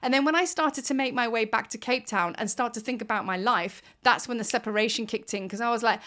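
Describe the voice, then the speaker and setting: A middle-aged woman teaching spiritual ideas in a loose, chatty vlog, seated at her desk at home. Her voice sits a little high, and she stacks repeated words for emphasis with real enthusiasm. The talk is casual and direct, as if to friends. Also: fairly quick, hardly any pauses, fairly bright tone.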